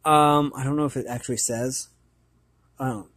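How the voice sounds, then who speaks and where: A man's voice: medium pitch, steady tone, fairly quick, a bit bright, no room sound. A man reading a children's book aloud as host of his channel, hesitant, with many fillers and repeated words.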